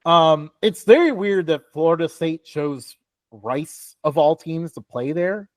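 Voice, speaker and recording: A man's voice: on the high side, animated, a little slow, no room sound. Casual young man, dry close mic. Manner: rambling, filler-heavy, laughs often. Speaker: podcast co-host. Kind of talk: casual sports talk.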